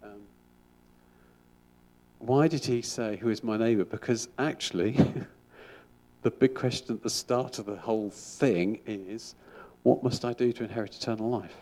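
A man's voice: lowish voice, a little slow, darkish tone. A middle-aged man, a school chaplain, giving an informal sermon in a chatty, rambling way with frequent restarts.

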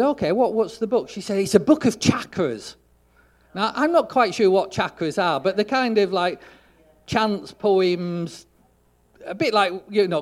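Preacher guy, pretty high voice, tells stories and acts out the bits, gets loud to make a point. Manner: storytelling, acts out dialogue, rises loud for emphasis. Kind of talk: sermon.

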